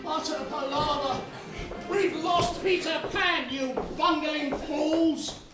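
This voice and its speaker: A woman's voice: sits high, takes it slowly, over loud music. A woman playing a blustering, pompous villainous pirate captain in an amateur stage pantomime, recorded from far off in an echoey hall. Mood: scolding. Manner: theatrical, shouting orders, scheming.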